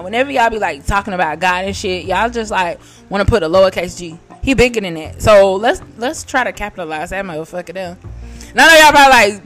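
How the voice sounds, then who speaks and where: A woman hosting her own podcast in a rambling, profane monologue, laughing at her own jokes and jumping between loud bursts and quiet asides. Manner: big swings in loudness and pitch, bursts of shouting. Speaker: podcast host. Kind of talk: casual solo podcast monologue.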